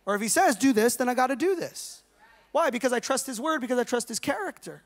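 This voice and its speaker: At a church service with a live congregation, a male pastor with a very high-pitched voice preaches quickly with lively intonation. His sermon is conversational and joking, full of slangy everyday talk.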